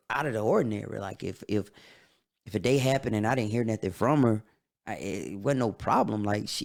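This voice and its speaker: A man hosting a podcast, telling a personal story in a candid, halting way. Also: fairly low pitch, creaky, a little mellow. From Atlanta, USA. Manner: candid, halting, emotional retelling. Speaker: podcast host.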